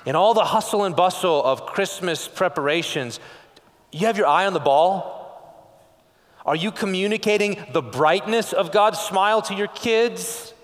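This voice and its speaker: A pastor from West Texas preaching a sermon in a conversational way, firing off rhetorical questions and checking in with "okay?". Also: male voice, on the high side, long reverb tail.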